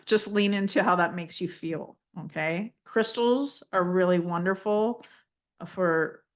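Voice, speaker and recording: A woman leading a guided healing session, speaking gently and reassuringly, calling the listener honey and checking in with "okay?" often. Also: fairly low pitch. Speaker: spiritual energy healer.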